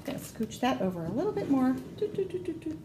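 Animated woman reading a children's storytime. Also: sits high, fast, roomy sound, background noise. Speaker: children's librarian. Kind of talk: storytime read-aloud for children. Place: library.

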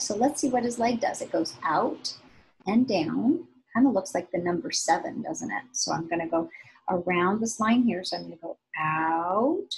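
A woman teaching young children to draw, giving slow, patient, sing-song step-by-step instructions. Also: mid-range voice, a little hiss or hum, low-quality recording. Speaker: art teacher.

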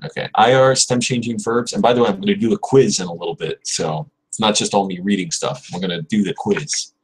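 A man hosting a casual livestream, thinking aloud and chatting with viewers while he drills verb conjugations, repeating words slowly and correcting himself. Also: fairly low pitch, a little hiss or hum, poor audio. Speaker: livestream host studying Spanish.

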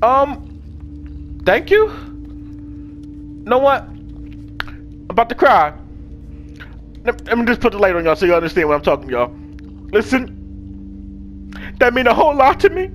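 A man giving casual, excitable let's-play commentary, swearing freely and talking to his viewers and the game's characters. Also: extremely high pitch, a little slow, pauses often, slight background noise. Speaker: gaming video host.

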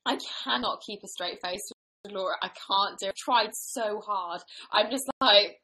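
A woman's voice: mid-range voice, normal speed, sharp tone, rough recording. A young woman co-hosting a casual livestream, giggly, playful and teasing. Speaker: livestream co-host. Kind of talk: casual chat.

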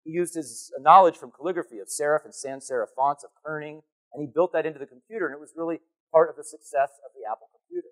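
A man giving a conference keynote on stage, animated and playful as he calls volunteers up from the audience. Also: a little high, fast, hardly any pauses. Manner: animated, calling to the crowd, playful. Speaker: keynote speaker.

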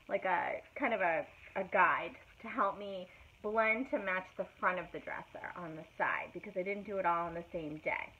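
A middle-aged woman, chatting casually as she demonstrates furniture painting on a live stream, full of fillers and greetings. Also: medium pitch. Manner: chatty, many fillers, greets viewers by name. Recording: tinny phone-like audio with faint noise.

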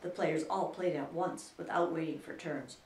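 A woman's voice: sits low, steady tone, a little mellow, distant mic. Woman reading a storybook in an echoey room. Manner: slow, deliberate reading. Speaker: children's librarian reading aloud. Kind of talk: storybook read-aloud. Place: library.

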